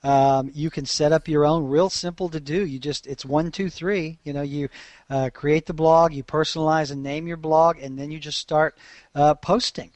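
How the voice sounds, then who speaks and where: A man from Alabama, co-hosting a casual podcast, chatty and quick to laugh. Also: a little high, fairly even intonation, a little mellow, no echo. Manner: chatty, laughs often, frequent restarts. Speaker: podcast co-host.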